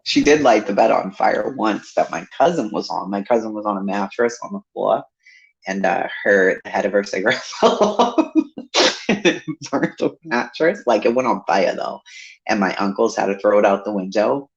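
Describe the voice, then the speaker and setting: A woman chatting on a livestream, cursing freely and laughing as she spins family stories. Her voice is gravelly with lots of vocal fry, and it rises and falls animatedly. The audio is muffled and lo-fi, like a video call. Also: extremely low pitch, lively intonation, moderate pace. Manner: swears freely, laughing storyteller. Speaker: livestream host. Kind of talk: casual chat. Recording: dull lo-fi stream audio.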